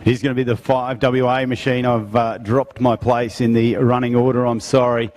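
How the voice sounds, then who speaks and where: A man calls a bike race on a public address system, speaking in an even, steady tone. He announces riders and addresses the crowd at an outdoor track. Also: medium pitch, normal speed, a little hiss or hum. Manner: showman calling to the crowd. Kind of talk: live race commentary.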